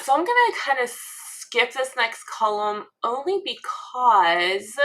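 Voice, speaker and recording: A woman co-host chats in an unhurried, meandering way, often pausing on an um before she goes on. Her voice is bright and forward. She sounds relaxed and conversational. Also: medium pitch. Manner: chatty, thinking aloud with frequent ums and laughs. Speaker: podcast co-host. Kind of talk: casual fan analysis chat.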